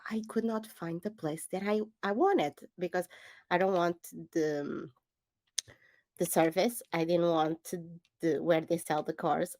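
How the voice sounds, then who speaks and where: A woman's voice: fairly low pitch, no room sound, studio quality. Laughing woman telling a story. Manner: animated storyteller, laughs often, acts out quotes. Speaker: podcast co-host. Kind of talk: casual chat storytelling.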